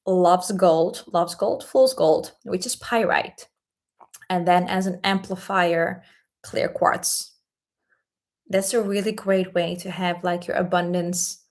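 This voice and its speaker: A woman hosting a casual spell-craft tutorial, explaining things in a gentle, unhurried way. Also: medium pitch. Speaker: spiritual content host.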